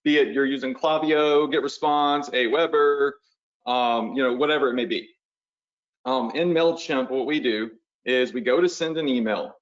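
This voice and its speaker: A man teaching a live online webinar, talking viewers through steps casually and checking in with "right?". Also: medium pitch. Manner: casual, talks the viewers through steps while drawing on screen; conversational, uses "y'all" and "right?". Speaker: online business coach. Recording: slightly dull lo-fi webinar audio.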